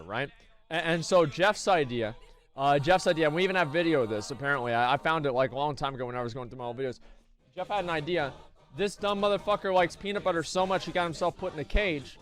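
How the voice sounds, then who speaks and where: A man's voice: a little high, fairly bright tone. An American man telling a long story on stream, rambling and swearing with many fillers. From United States. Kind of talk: casual storytelling.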